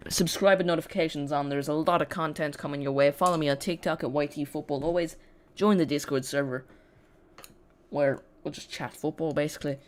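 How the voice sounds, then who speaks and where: Football watch-along host, chatty and loose, talks straight to the chat, mid-pitched voice. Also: fairly even intonation, brisk. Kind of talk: casual live watch-along commentary.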